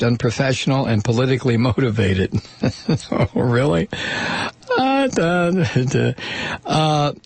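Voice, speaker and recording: A man's voice: medium pitch, breathy edge, no echo. A man hosting a talk show, reading news reports aloud with many fillers and breaking off into scornful remarks. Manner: hesitant, with frequent fillers. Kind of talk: news commentary with sardonic asides.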